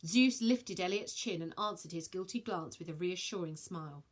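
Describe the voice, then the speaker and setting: A woman reading a children's novel aloud, switching into many character voices with shouts and whispers. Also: lowish voice, moderate pace. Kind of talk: expressive storybook read-aloud.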